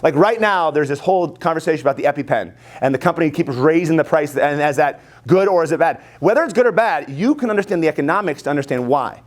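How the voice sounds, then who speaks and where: An energetic American man teaching economics in a high school classroom, upbeat and jokey as he runs his lesson. His voice sits a little on the high side for a man. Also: quick pace, few pauses.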